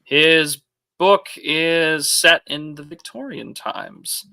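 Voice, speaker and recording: Bright-voiced man hosting a casual podcast. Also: a little high, drawn-out words, creaky. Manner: rambling, lots of fillers, reads super chats. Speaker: podcast host. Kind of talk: casual livestream chat.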